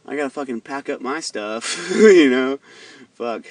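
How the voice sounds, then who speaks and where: A young man vents a long personal story in a loose, profane, heated ramble. His voice sits at a middling pitch. It sounds dry and a little distant from the microphone. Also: expressive, measured pace, dry recording. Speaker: vlogger. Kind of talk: casual storytelling rant.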